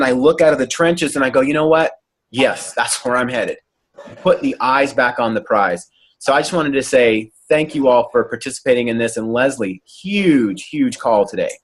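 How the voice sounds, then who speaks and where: A man leading a group coaching call, talking in an earnest, encouraging way over a video call. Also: mid-range voice. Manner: earnest, animated when imitating excitement. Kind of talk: motivational coaching talk.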